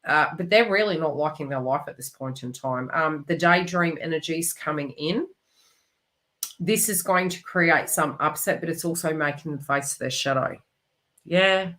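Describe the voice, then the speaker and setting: A woman's voice: low voice, moderate pace, fairly bright tone. A woman giving a live psychic reading, rambling and emotive, with many fillers and restarts. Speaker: psychic tarot reader.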